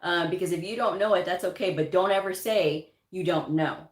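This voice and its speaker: A woman's voice: fairly low pitch, brisk. Emphatic woman giving career advice. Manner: emphatic, repeats points, chuckles often. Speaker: medical coding educator and channel host. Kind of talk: casual live-chat advice. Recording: roomy echo.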